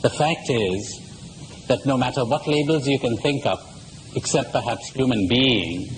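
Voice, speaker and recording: A man's voice: mid-range voice, a little slow, slight background noise, low-quality recording. A man giving a spiritual lecture to a live audience, asking rhetorical questions and telling jokes. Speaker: retreat speaker.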